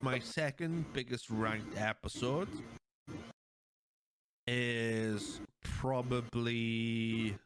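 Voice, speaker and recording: A young man talks through his favorite scenes on a casual podcast. He rambles and gets animated, and a faint hiss sits under his voice. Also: medium pitch, drawn-out words. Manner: rambling, animated retelling with laughs. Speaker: podcast host. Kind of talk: casual chat.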